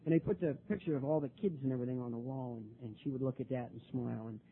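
Older guy, husky voice, halting, sharing his story at a recovery meeting, sounds like it's over a phone line. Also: mid-range voice. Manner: halting, repeats words, voice rising when worked up. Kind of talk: personal testimony talk. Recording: tinny phone-like recording.

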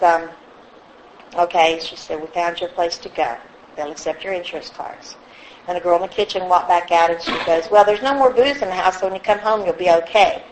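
A woman's voice: mid-range voice, slight background noise, rough recording. A woman telling her own story of getting sober to a group, candid and self-mocking, acting out the people she quotes. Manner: candid, laughs at herself, acts out quoted voices. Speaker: speaker sharing recovery story at a meeting. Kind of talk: personal story told to a group.

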